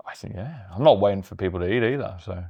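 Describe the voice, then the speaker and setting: A man, a startup founder, telling animated stories in casual conversation, swearing and mimicking others' voices. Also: fairly low pitch, fast, vocal fry, slightly rough, dull audio. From Australia.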